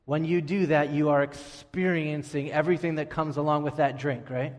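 A man's voice: fairly high pitch, steady tone, normal speed. Preaching man in a reverberant hall. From Staten Island, New York. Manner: emphatic, drops to quiet on key words. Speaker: pastor. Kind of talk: sermon.

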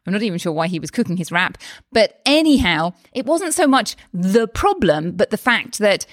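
A woman's voice: medium pitch, no echo, studio quality. A woman, talking casually and animatedly as a health coach on her solo podcast. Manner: chatty and animated, with frequent exclamations and quick asides. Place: lives in Spain.

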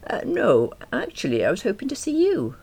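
A man's voice: huge pitch swings, normal speed, gravelly, darkish tone, breathy edge, full character voice. A woman reading aloud voices a confident, charming man with a rich voice, polite and lightly teasing. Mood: courteous. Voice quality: rich, deep.

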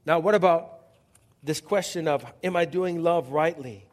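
A man's voice: fairly high pitch, unhurried, in a large hall. A man pastor preaching a sermon in a conversational way, often asking the audience questions and restarting his sentences.

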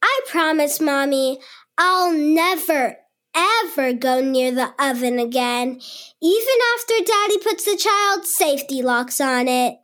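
A woman's voice: sits high, lively intonation, unhurried, fairly bright tone. Penny, a bubbly little girl. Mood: cheerful. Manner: eager and bubbly. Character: cheerful curious little girl.

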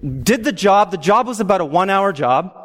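A man telling a personal faith testimony in an animated, excitable way, with frequent "okay?" asides. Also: high voice, brisk, big-room sound. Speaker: speaker sharing a faith testimony.

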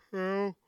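A man's voice: very high voice, a little mellow, smooth, dry recording. A man in his twenties chatting casually to camera as he reviews a drink, rambling, swearing freely and poking fun at himself. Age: 20s.

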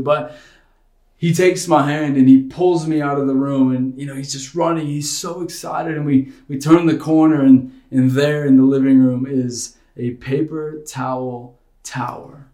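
A man's voice: medium pitch, steady tone, measured pace, mellow. A man in his thirties giving a casual, earnest online sermon from his home studio. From United States. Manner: earnest, conversational, personal. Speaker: pastor. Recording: roomy bedroom home studio.

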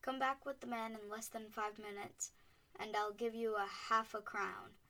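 A woman's voice: medium pitch, little pitch movement, normal speed, sharp tone. A woman voicing old Scrooge in a storybook reading, begging and then bursting with joy. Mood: overjoyed. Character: old man Scrooge, fearful then overjoyed. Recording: voice a bit distant from the mic.

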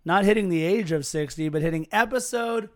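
A man's voice: high-pitched, fairly quick. A man co-hosting a casual sports podcast, telling stories in a chatty, earnest way. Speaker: podcast co-host.

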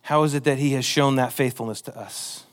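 A man's voice: medium pitch, steady tone, fairly quick. A man preaching a sermon, earnest and emotional, reading scripture with a pleading, dramatic delivery. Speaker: pastor.

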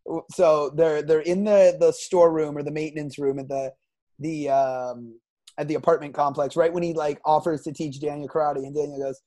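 A co-host in a casual film discussion who speaks enthusiastically but haltingly, full of fillers and restarts. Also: medium pitch, steady tone, mellow.

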